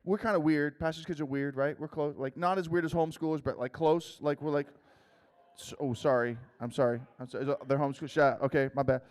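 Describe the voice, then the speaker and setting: A man with a somewhat raised voice preaches to a youth crowd, poking fun at them and asking quick show-of-hands questions. He tells his story in a loose, rambling way packed with fillers. The sound rings out with the long reverb of a large hall. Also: on the high side, steady tone. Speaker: youth speaker. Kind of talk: comedic youth sermon.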